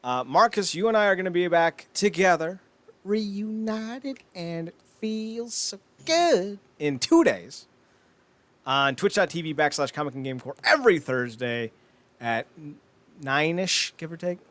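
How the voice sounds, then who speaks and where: A man co-hosting a podcast, excitable and mocking in casual chat. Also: a little high. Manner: excitable, mocking, quick to laugh. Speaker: podcast co-host.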